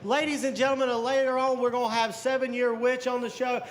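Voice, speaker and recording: A man's voice: extremely high pitch, level tone, quick pace, recorded from a distance. A man hosting a comedy show, asking his guest questions in casual chat. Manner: friendly, asks questions plainly. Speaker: show host. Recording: echoey room, voice off-mic with faint noise.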